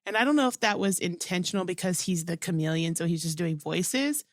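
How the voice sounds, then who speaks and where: A woman's voice: lowish voice, lively intonation, brisk, no echo, studio quality. A woman co-hosting a podcast, chatting casually about a movie and rambling with many fillers. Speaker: podcast co-host. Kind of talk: casual movie review chat.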